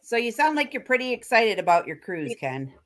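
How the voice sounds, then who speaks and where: A woman's voice: on the high side, big pitch swings, fairly quick, fairly bright tone. A woman hosting a casual live-stream chat. She is chatty and encouraging and asks her guests lots of questions.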